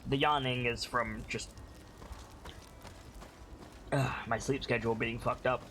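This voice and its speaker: Bright-voiced, sneezy male streamer. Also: mid-range voice, steady tone, a little slow, slight background noise. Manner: sneezing, yawning, swearing casually. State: sneezy and tired. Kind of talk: casual gameplay commentary. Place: home room.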